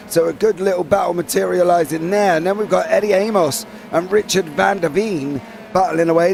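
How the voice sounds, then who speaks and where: A man's voice: high voice, vocal fry, darkish tone. A man giving casual, rambling color commentary on an online sim race.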